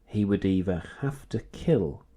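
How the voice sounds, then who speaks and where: Male co-host, very deep dark voice, chatty, lots of restarts. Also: animated, a little slow, breathy edge. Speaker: podcast co-host. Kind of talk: casual chat.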